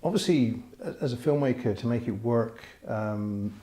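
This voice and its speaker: Mellow-voiced man hosting an interview. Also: mid-range voice, normal speed. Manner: hesitant, with many restarts and fillers. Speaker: filmmaker and interviewer. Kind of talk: casual interview talk. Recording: echoey room.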